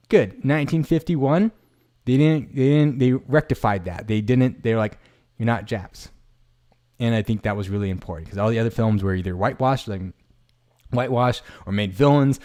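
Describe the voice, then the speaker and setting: Rambling, halting podcast host man. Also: on the low side, a little mellow. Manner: rambling, halting, with frequent restarts and fillers; self-deprecating, laughs at himself. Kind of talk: casual solo podcast talk. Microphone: streamed podcast mic.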